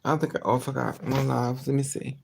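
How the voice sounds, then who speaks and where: A woman's voice: rumbling low, little pitch movement, fast talker, vocal fry, a little mellow, slight background noise. A woman chatting casually on a live stream from her car, telling stories and quoting people in raised voices. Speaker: vlogger.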